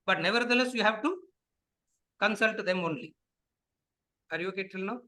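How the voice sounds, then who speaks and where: Man, Vedanta teacher, lecture with questions and answers, high voice, repetitive rhetorical questions. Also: moderate pace, bright, forceful tone, rough recording.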